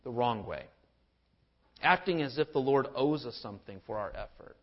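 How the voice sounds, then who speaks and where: A man's voice: mid-range voice, lively intonation, normal speed, lo-fi sound. A man preaching a sermon in an earnest manner, often repeating words as he stresses a point. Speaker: pastor.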